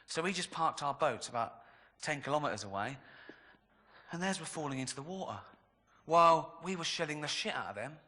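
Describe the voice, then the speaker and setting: A man's voice: medium pitch, sharp tone, long reverb tail. A man with an English accent doing a stand-up comedy set, dry and sardonic, chuckling at his own jokes. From England.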